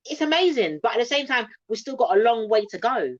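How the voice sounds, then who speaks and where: A woman comedian, telling stories in a casual, animated interview, with chatty restarts. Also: on the high side, fairly quick, no echo, highs cut off. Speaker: comedian and guest.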